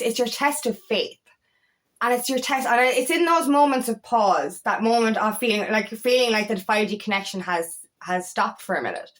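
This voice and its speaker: Her voice a little high and a bit bright, a woman who coaches people through twin flame journeys gives an unscripted spiritual talk to camera. She's blunt and emphatic with her viewers and swears freely.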